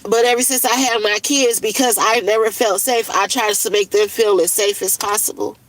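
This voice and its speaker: A woman's voice: medium pitch, steady tone, normal speed, rough recording. A woman vents on a casual livestream. She talks bluntly, swears often and sounds worn out with frustration. There is a faint bit of noise in the background. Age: 30s. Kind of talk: casual venting monologue.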